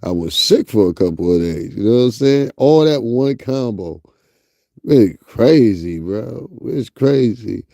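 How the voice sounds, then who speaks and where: A man's voice: medium pitch, animated, measured pace, vocal fry, warm tone, no room sound, studio quality. A young man from the US tri-state area with a Northeastern accent, hosting casual gossip commentary, joking crudely and laughing often. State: sleepy, up early. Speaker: commentary channel host.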